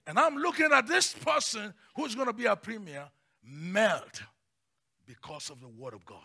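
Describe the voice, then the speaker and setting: A man preaching a sermon as pastor, passionate, swinging between hushed lines and shouts. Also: sits high, lively intonation, moderate pace, creaky, breathy edge.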